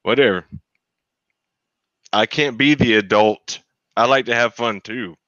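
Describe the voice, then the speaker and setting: Bright-voiced man telling a story. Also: medium pitch, unhurried, no echo, highs cut off. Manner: animated storyteller, acts out friends' voices. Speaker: podcast co-host. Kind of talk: casual storytelling.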